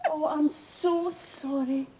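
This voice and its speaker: A woman's voice: high voice, steady tone, takes it slowly, heavy background noise. An actress playing a worried, caring woman in a TV soap, speaking in a fretful way. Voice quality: fretful, concerned. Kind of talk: TV soap drama.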